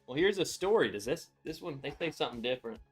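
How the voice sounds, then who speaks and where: A man's voice: fairly high pitch, lively intonation, fast talker, slightly rough, soft background music. A man hosting a casual live stream, chatty and upbeat, greeting viewers by name as he talks. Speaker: livestream host reviewing whiskey.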